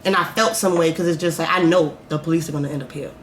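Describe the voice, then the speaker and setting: A woman's voice: deep voice, fairly even intonation, fast, slight background noise. A woman vlogger telling a story in a candid, profane, rambling way, full of fillers. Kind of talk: casual storytime.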